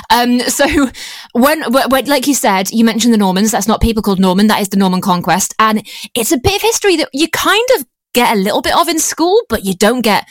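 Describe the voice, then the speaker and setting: A woman's voice: mid-range voice, no echo. Playful woman interviewer, dry sound. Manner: playful, teasing and upbeat. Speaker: interviewer host. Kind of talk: casual interview chat.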